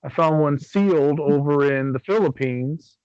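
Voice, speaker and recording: A man's voice: on the high side, a little slow, darkish tone, clean tone, dry recording, dull audio. A middle-aged man from Michigan, co-hosting a podcast and telling a long rambling story in casual chat, swearing freely and acting out what people said. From Michigan, USA. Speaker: podcast co-host.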